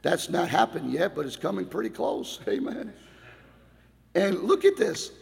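A middle-aged man, a pastor, preaching an old-time Baptist sermon in a church, going from quiet talk to loud shouted passages. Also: sits high, sing-song, unhurried, creaky. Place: church hall. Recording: long hall reverb.

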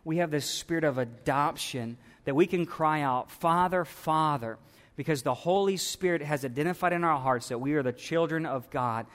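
A man preaching a sermon as pastor to his church, moving from quiet reflection to loud, fervent preaching. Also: a little high, fairly quick, few pauses, long reverb tail. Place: church sanctuary.

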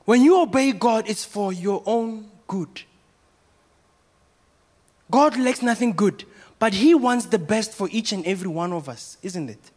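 A man's voice: high voice, lively intonation, measured pace, pauses often, darkish tone. A man, a pastor, preaching a sermon and asking the congregation rhetorical questions.

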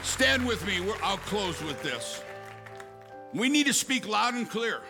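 A middle-aged male pastor preaching a fiery, impassioned sermon with shouted declarations. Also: high-pitched, animated, measured pace, vocal fry, faint music behind, some chatter behind.

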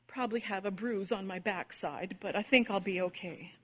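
A woman's voice: mid-range voice, normal speed, highs cut off, pitched below the performer's own voice, lightly acted. A woman voicing a polite friendly bat.

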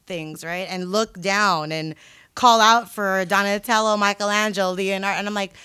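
A woman's voice: medium pitch, steady tone, bright, forceful tone, smooth, dry recording. A woman co-hosting a casual podcast chat, telling stories in a loose, slangy way. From San Francisco. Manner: loose, slangy, drawn-out storytelling. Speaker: podcast co-host.

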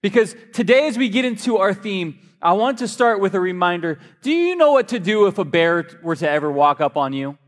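A man preaching a sermon in a church, a lively, joking storyteller. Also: sits high, fairly quick, few pauses. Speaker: pastor. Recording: long hall reverb.

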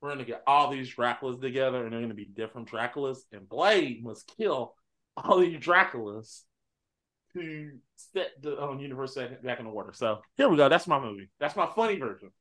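A man in casual group chat, telling a story in an animated way and acting out loud, profane bits. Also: medium pitch, brisk. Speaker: podcast panelist.

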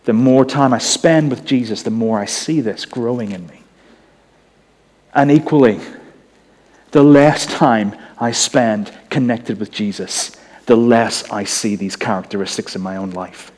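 Northern Irish preacher in a reverberant hall. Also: male voice, medium pitch, a little slow, a little mellow. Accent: Northern Irish, softened. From Northern Ireland. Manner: conversational, with humorous asides. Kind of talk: sermon.

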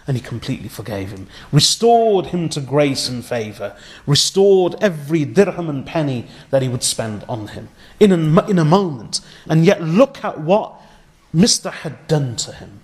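A man preaching a sermon, telling an old story with earnest feeling and Arabic religious phrases, sinking to a hushed voice at the most moving points. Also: a little high, big pitch swings, normal speed.

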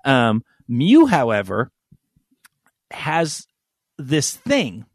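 A man's voice: medium pitch, wildly swooping pitch, extremely slow, slightly rough, no echo, studio quality. A middle-aged man, a podcast co-host, telling rambling, crude stories in casual chat with frequent laughs.

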